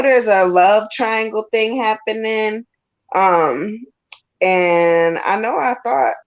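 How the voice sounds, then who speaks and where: A woman co-hosting a live stream, giving tarot readings in an emphatic, repetitive, encouraging way. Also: mid-range voice. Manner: emphatic, repeats key lines. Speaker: tarot reader and co-host. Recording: dull lo-fi stream audio.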